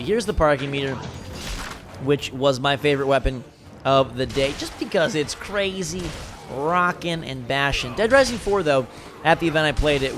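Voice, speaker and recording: A man's voice: fairly high pitch, fairly bright tone, a little hiss or hum. A young man giving casual, enthusiastic gameplay commentary, rambling with fillers and sounding tired late at night. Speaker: gaming video host.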